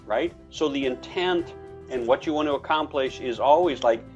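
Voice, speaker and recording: A man's voice: normal speed, lo-fi sound, faint music behind. A man co-hosting a casual talk about relationships, telling anecdotes and acting out bits of dialogue. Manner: storytelling, acts out dialogue with big pitch jumps. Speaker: podcast co-host.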